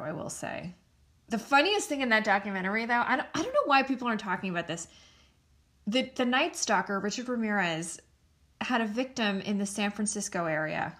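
A young American woman talks on her own podcast in a loose, candid, rambling way. She drifts from one aside to the next and swears without a second thought. Her pitch sits in an ordinary middle range for a woman. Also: fairly bright tone. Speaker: podcast host. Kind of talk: solo casual chat.

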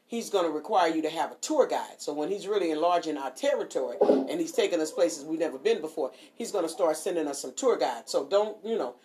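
A woman's voice: deep voice, expressive, brisk, hardly any pauses, mellow. A woman co-hosting a casual radio chat, sassy and laughing, with preachy asides. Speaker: radio co-host.

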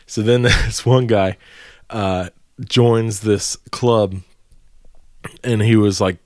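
A man's voice: fairly low pitch, steady tone, slow pace, darkish tone, no echo, studio quality. A young adult man co-hosting a podcast, telling a rambling, profane story with frequent laughter in casual chat. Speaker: podcast co-host.

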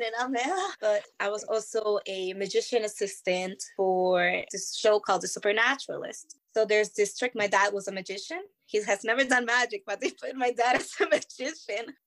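A young woman from Venezuela with a slightly high voice, chatting as a guest. She tells her stories with animation and acts out what she said at the time. Her talk is casual and chatty, and she calls the listener "girl". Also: a bit bright. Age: 20s. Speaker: guest, circus performer. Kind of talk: casual storytelling chat.

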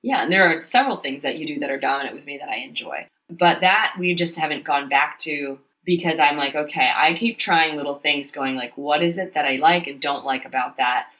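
A woman co-hosting a candid conversation, talking openly about her own experiences in a lively, storytelling way. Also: deep voice, a little fast, few pauses. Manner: open, confessional, animated storytelling. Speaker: podcast co-host. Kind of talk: candid casual chat.

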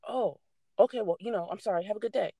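A young adult woman casually telling a story, animated and swearing freely as she acts out what people said. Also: mid-range voice, fast, husky, no room sound.

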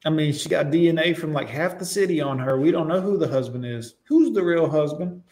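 A man's voice: on the high side, brisk, a little mellow. Young man, sarcastic profane reaction commentator. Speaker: commentator reacting to news clips.

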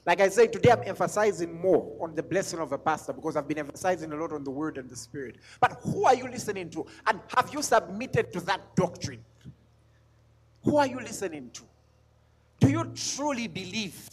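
High-voiced preacher man, emphatic. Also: big pitch swings, fairly quick, a little hiss or hum. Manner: emphatic, repeats lines, sings scripture. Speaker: pastor. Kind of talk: sermon.

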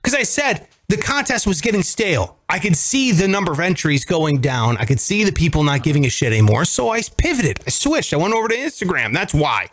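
Animated male radio host telling stories. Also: brisk, hardly any pauses. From greater Cleveland area. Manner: animated storyteller, jumps into high voices for quotes. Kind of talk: casual chat.

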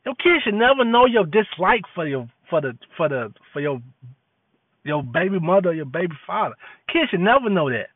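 A man's voice: sits high, very animated, normal speed, no room sound. Preachy man on a tinny line. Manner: preachy, repetitive, street slang. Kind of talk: impassioned monologue. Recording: tinny phone-like dry audio.

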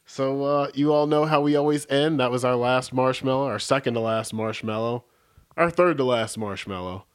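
A man hosting a podcast in a relaxed, joking way, rambling with fillers. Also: medium pitch, normal speed, smooth. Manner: laid-back, jokey, rambling with fillers. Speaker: podcast host. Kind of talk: casual chat.

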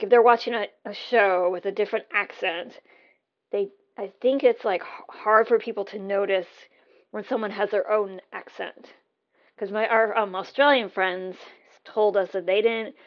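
A woman's voice: mid-range voice, muffled recording. An American woman hosting a podcast, talking casually and thinking aloud, often correcting herself mid-sentence. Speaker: podcast host. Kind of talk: casual rambling TV recap.

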